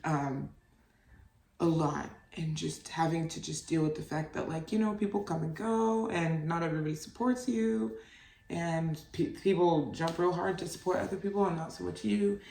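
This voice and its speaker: Slight background noise sits under this young adult woman's fairly low voice, which moves at normal speed with fairly even intonation. Hosting a podcast solo, the mother rambles candidly, swearing freely and saying "like" constantly, in a roomy recording with her voice distant from the mic.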